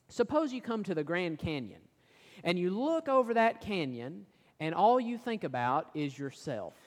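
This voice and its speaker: With a long reverb tail on the sound, a preacher with a mid-range voice works through a sermon. He questions his listeners rhetorically and reads and interprets verses from scripture.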